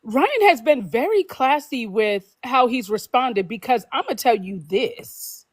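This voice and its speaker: A woman's voice: fairly high pitch, expressive, unhurried. A woman co-hosting a live stream, blunt and sassy in casual chat.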